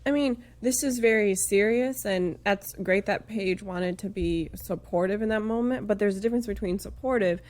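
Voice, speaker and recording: A woman co-hosting a podcast in casual, expressive chat. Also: mid-range voice, normal speed, few pauses. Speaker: podcast co-host.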